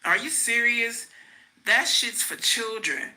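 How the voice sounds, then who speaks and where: A woman's voice: on the high side, slow, bright, forceful tone, voice pushed up, full character voice, poor audio. A woman reading the lines of a manipulative ex-boyfriend. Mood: pleading. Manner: defensive and pleading. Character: manipulative adult man, ex-boyfriend.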